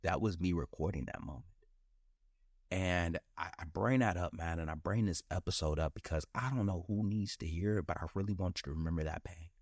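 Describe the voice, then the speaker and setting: A man talks straight to his listeners in a casual motivational monologue, loose and slangy, circling back over his phrases to drive them home. His voice sits very low. The sound is close and dry, with no room around it. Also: fairly quick, no echo. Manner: candid and animated, slangy, repeats phrases for emphasis. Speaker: podcast host.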